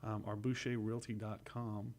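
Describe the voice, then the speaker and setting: A man's voice: on the low side, level tone, moderate pace, darkish tone. A man from New Orleans, a realtor, guesting on a radio show in an easygoing, joking manner. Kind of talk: casual radio interview chat.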